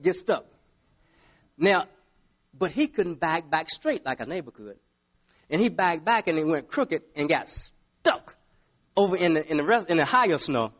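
A middle-aged male pastor preaching a sermon, telling a story with big swings from loud to hushed. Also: fairly high pitch, animated, moderate pace, pauses often, lo-fi sound.

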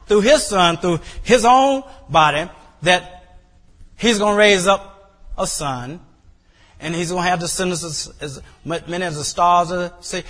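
Man, pastor, high voice, emphatic preaching, repeated phrases, long hall reverb. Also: fairly bright tone. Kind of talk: sermon.

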